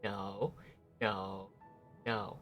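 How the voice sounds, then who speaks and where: Slow, cursing gamer streaming live. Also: male voice, fairly low pitch, level tone, over music. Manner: rambling and profane, grumbling at the game. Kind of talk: casual live-stream chat while gaming.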